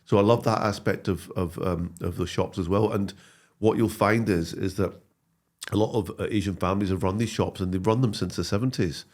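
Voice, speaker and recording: A man chatting as an interview guest, his voice low-set but leaping up high when he gets going. He tells stories in an animated rush, restarting lines as ideas tumble out. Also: brisk. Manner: animated storytelling with frequent restarts. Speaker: guest, comedy actor and writer. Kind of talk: casual interview chat.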